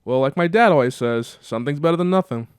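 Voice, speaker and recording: A man's voice: on the high side, lively intonation, quick pace, smooth, dry recording, studio quality, voice pushed up, lightly acted. A man doing a cheerful golden-retriever guy. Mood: friendly.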